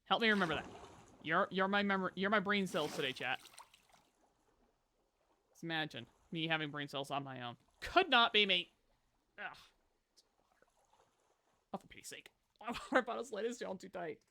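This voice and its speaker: A live streamer chatting casually and playfully over gameplay, talking to viewers and a pet and breaking into loud exclamations. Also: mid-range voice, expressive, normal speed, gravelly, pauses often, no room sound.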